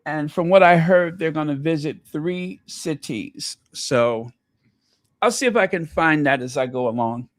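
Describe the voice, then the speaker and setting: A man's voice: on the high side, unhurried, no room sound. A man hosting his own channel in casual live commentary, chatty and thinking aloud as he reads viewer comments. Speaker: channel host.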